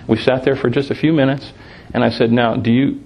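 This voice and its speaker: A man preaching, telling lively personal anecdotes about sharing his faith, laughing often and restarting phrases. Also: medium pitch, a little fast, vocal fry, dull audio. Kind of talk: sermon storytelling.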